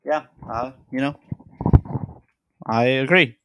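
A man's voice: mid-range voice, slow pace, pushed and bright. A man from Massachusetts co-hosting a podcast, blunt and jokey, swearing in casual chat. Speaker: podcast co-host.

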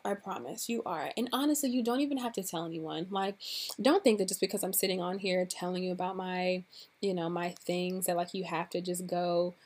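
A woman speaks into a podcast mic in a mid-range voice. She talks straight to her listeners in a relaxed, encouraging way, and her speech is loose and full of "um"s and "like"s. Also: medium pitch, a little fast. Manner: relaxed, with fillers like "um" and "like". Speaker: podcast host and coach. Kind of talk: casual podcast monologue.

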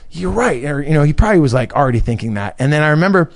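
A man's voice: fairly high pitch, racing. A man from California, a comedian, telling a long casual story in a podcast chat and acting out his friends' lines. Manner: animated, acts out quoted friends, swears freely.

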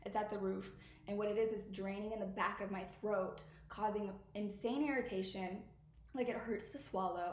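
A woman in her thirties hosts a podcast of candid, casual chat, rambling and confiding straight to listeners while swearing freely. Allergies have irritated her throat. Her voice is mid-range and a bit mellow, and the recording is reverberant.

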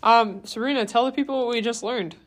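A woman's voice: a little high, brisk, slight background noise. A woman co-hosting a podcast in easygoing, teasing casual chat. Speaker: podcast co-host.

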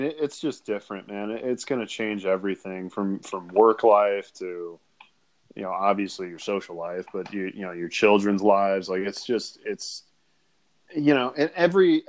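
A young man co-hosting a casual podcast, rambling with lots of filler words, swearing and laughing often. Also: lowish voice. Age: young adult. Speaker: podcast co-host. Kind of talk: casual chat.

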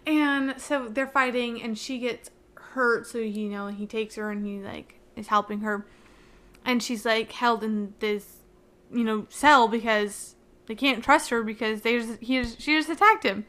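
Chatty young woman with a higher voice. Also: measured pace. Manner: chatty, heavy use of "like" fillers; excitable, avoids spoilers. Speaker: book reviewer. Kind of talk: casual book recap.

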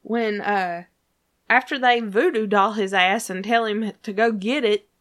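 A woman's voice: medium pitch, unhurried, fairly bright tone. A woman co-hosting a casual chat about a TV episode, profane and laughing often. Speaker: podcast co-host.

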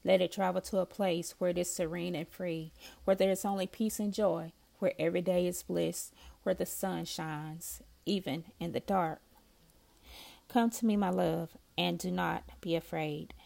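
A woman reading her own poems aloud, slow and soft-spoken, with long heartfelt pauses between lines. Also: lowish voice, steady tone, creaky.

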